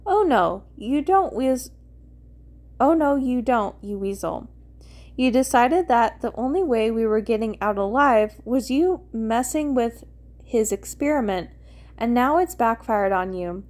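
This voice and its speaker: A woman's voice: fairly high pitch, animated, measured pace, a little mellow. A woman reading as a jittery nervous young man. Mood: defensive.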